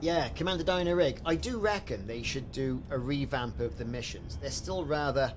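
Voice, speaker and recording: A man's voice: medium pitch, moderate pace, noisy background. A man chatting casually while live-streaming a game, rambling and answering viewers. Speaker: livestreamer.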